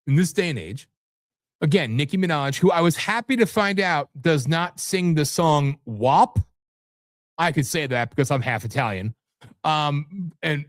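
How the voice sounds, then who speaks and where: A man's voice: on the high side, dry recording, studio quality. A man hosting a live political talk show, ranting in a rambling, profane and combative way that jumps from topic to topic. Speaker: host.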